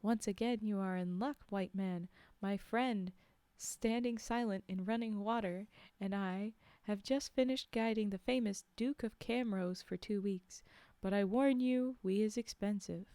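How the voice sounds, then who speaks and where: A sly man putting on grave, formal speech to impress tourists, voiced by a woman storyteller. He talks slowly and solemnly in a mellow, smooth tone. The reading is close and dry. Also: medium pitch, no echo, lightly acted. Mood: mock-solemn. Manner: slow, solemn, mock-formal. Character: sly man posing as a solemn hunting guide.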